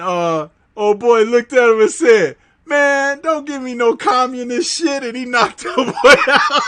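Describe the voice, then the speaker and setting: A man hosting a livestream, reading chat aloud and reminiscing in slangy casual talk, laughing often. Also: sits high.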